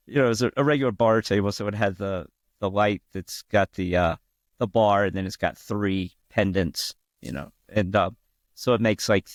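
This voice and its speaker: A man's voice: lowish voice, dry recording, clean studio sound. A man, a guest pool player, talking casually in an interview and rambling with many restarts.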